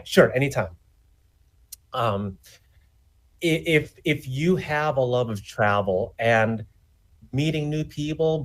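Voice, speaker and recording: Brief: man playing a nervy contestant, mid-pitched, rambling. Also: lightly acted. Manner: wordy, hesitant pitch. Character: eager young male dating-show contestant. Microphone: video call.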